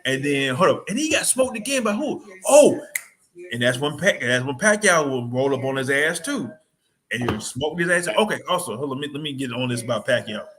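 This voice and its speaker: A man co-hosting a sports podcast, chatting casually in an animated, rambling way full of slang. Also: medium pitch, a little fast. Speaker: podcast co-host.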